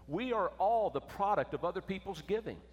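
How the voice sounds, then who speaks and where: A man preaching a sermon, emphatic, swinging between loud and hushed. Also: high voice, lively intonation, a little fast, slightly rough. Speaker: pastor. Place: church sanctuary. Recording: echoey church with long reverb.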